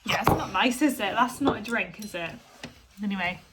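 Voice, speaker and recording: A woman's voice: medium pitch, fairly quick, background noise. A woman, a homemaker and mother, chatting casually at home in a vlog, tired and rambling with plenty of ums.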